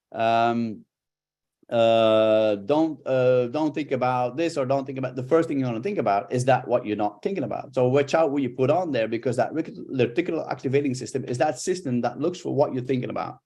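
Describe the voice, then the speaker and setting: A middle-aged man, a body language coach, giving a live workshop talk with lively, expressive intonation. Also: mid-range voice, moderate pace.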